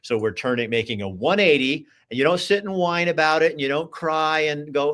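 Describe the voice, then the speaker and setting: A man's voice: fairly high pitch, brisk, few pauses, fairly bright tone. A man hosting a political talk show, speaking emphatically with many restarts and a preachy, exhorting manner. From Oregon. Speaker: host. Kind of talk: political talk show, reading viewer comments.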